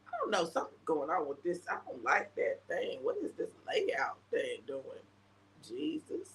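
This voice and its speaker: A woman's voice: deep voice, wildly swooping pitch, normal speed, creaky, a little hiss or hum. A woman hosting a casual livestream, chatty and emotional, greeting viewers by name. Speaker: prophetic minister hosting a livestream.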